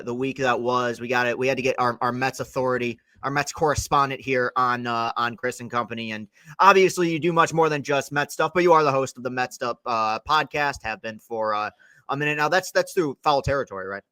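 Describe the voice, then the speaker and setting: Young male podcast host, bright forceful tone, dry close mic, wordy and self-correcting. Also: medium pitch, normal speed, dry recording. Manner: rambling, self-correcting, long wind-up questions. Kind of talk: casual interview podcast.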